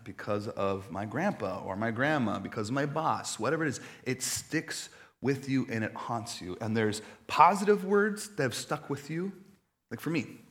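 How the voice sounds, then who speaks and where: A young adult man preaching a sermon to a live audience, telling lively stories with quick asides to the crowd. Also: medium pitch. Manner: animated storytelling with audience asides. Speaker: pastor.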